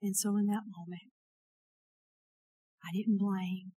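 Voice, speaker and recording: A woman preaching a sermon and telling a personal story, earnest and swinging between emphatic and hushed delivery. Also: medium pitch, flat delivery, slow, husky, dry recording, low-quality recording.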